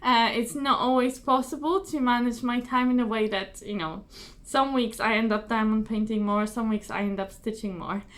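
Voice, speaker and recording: A young woman hosting her own crafting video, chatting casually and apologetically to camera, slightly hoarse, with many fillers and repeated words. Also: fairly high pitch, steady tone, moderate pace.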